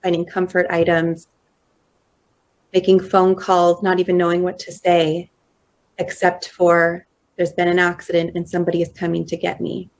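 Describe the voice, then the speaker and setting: A woman in her thirties giving a personal storytelling talk at a conference, slow and measured, acting out quoted dialogue. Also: lowish voice, completely flat delivery. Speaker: conference speaker. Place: conference hall.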